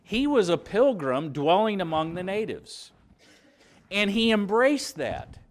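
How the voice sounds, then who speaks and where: A man's voice: sits high, sing-song, unhurried. A man from southern Indiana preaching a sermon, earnest and conversational, with fillers and restarts. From southern Indiana, USA.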